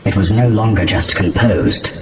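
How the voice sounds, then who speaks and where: A man narrating a scripted story in a steady, even delivery. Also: deep voice, moderate pace, echoey room.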